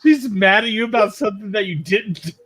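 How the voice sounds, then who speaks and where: A man's voice: high voice, brisk, fairly bright tone. A man co-hosting a casual chat, reacting to the story with jokes and quips. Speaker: co-host.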